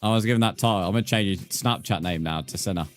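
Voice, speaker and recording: A man's voice: low voice, fast. A man chatting casually with viewers while streaming a game, rambling and full of crude jokes. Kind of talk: casual live-stream chat while gaming.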